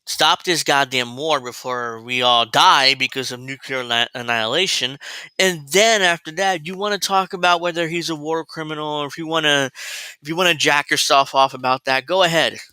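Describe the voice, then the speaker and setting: A man hosts a political commentary livestream in a blunt, rambling, profane way, mocking as he goes. His voice is very bright and cutting. The sound is close and dry. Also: on the high side, moderate pace, clear, resonant tone, no echo, poor audio. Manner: mocking, laughs at his own points. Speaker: commentary show host.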